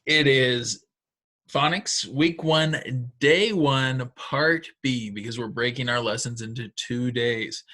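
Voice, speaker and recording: A man's voice: medium pitch, slow, sharp tone. A man teaching second graders a recorded phonics lesson, patient and encouraging, explaining step by step.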